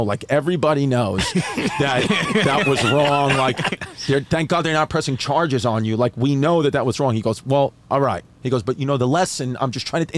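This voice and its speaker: A man from New York, a comedian guesting on a podcast, telling a story in a casual, profane way and acting out the other people in it. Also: mid-range voice. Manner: animated, profane, acts out quotes in other voices.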